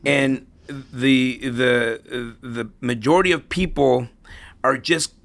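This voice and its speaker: Gravelly middle-aged man telling stories. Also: mid-range voice, slow pace, fairly bright tone. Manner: storytelling, repeats himself, tags lines with "right?". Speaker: guest. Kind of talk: conversational podcast interview.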